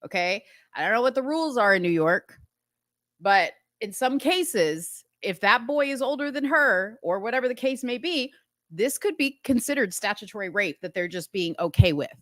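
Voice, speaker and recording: A woman's voice: on the high side, expressive, moderate pace, fairly bright tone, no room sound, clean studio sound. A woman hosting a talk show, giving indignant, incredulous commentary on a TV episode with laughing asides. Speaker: host.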